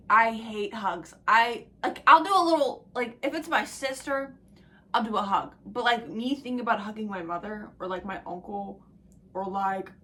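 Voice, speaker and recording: A young woman talks straight to camera in a loose, rambling vlog, hopping between tangents with lots of swearing. Her voice is bright and forward, swinging from excited bursts to near-whispered asides. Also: medium pitch. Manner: rambling, excitable, profane, laughs and drops to whispers. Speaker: book vlogger. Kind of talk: casual chat to camera.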